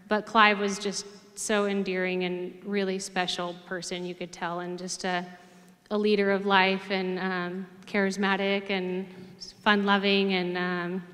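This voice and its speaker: A middle-aged woman, a former player and coach, telling lively stories with many fillers in an interview. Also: mid-range voice. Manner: animated storyteller, many fillers. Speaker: hall of fame inductee, former player. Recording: reverberant hall.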